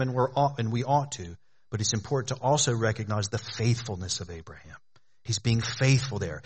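A man pastor preaching an earnest, exhorting sermon, often dropping low and quiet for emphasis.

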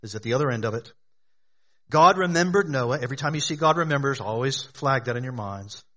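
A man's voice: medium pitch, animated, fast talker, a bit bright. A man preaching a sermon to a congregation, emphatic, often asking questions and answering them. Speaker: pastor.

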